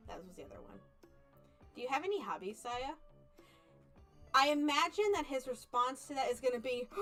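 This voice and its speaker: A young woman streamer reading an otome game aloud and chatting with viewers, animated, laughing often and playfully mock-angry. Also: fairly high pitch, brisk, pauses often, soft background music. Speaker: VTuber streamer.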